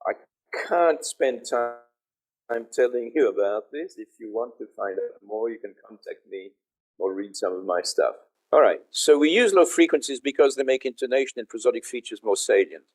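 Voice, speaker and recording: A man's voice: mid-range voice, expressive, moderate pace, darkish tone. An older man, a professor, giving an online conference lecture and explaining step by step while checking that listeners can hear him.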